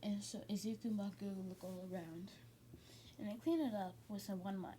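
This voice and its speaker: A woman tells a fan story in a loose, casual way, stringing thoughts together with fillers and quick restarts. Her pitch sits in a middle range. A faint hiss of noise sits behind her. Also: fairly even intonation, mellow. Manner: rambling, many fillers and restarts.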